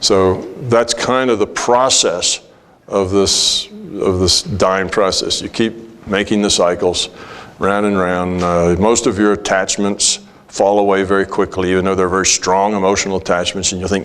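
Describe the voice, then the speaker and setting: A man's voice: low-pitched, flat delivery, normal speed, fairly bright tone. A man speaking to a workshop audience and answering their questions in a conversational way, with many fillers, acting out bits of dialogue. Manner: conversational, many "you know" fillers, acts out quoted dialogue.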